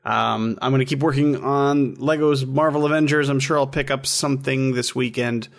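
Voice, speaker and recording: A man's voice: mid-range voice, steady tone, normal speed, vocal fry. A man co-hosting a podcast, chatting casually and easygoing, with hesitant fillers. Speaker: podcast co-host. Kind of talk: casual chat.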